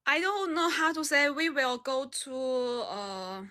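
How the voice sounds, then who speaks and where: A woman learning English, speaking with a Chinese accent in slow, halting phrases. She searches for words and laughs easily. Her voice is bright and a little high. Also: expressive. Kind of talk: casual conversation practice.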